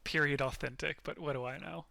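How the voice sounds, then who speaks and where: A man's voice: on the high side, fairly even intonation, brisk, gravelly, bright, forceful tone, no room sound. A man co-streaming a mystery game, chatting casually with dry, understated humor. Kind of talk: casual chat.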